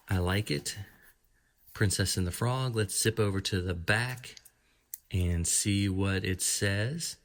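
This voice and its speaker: A man's voice: lowish voice, a bit bright. A man hosting his own channel, casually reviewing a book as he flips through it, reading entries aloud with small asides. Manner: chatty, reads entries aloud, small laughs. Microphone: camera framing his hands and a book.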